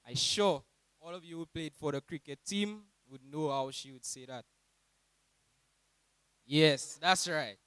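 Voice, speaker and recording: Saint Lucian young man, late teens, lively graduation speaker, smooth clear tone. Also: measured pace, no echo, rough recording. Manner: animated, mimics teachers in high voices. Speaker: graduating student giving a speech. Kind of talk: humorous graduation speech.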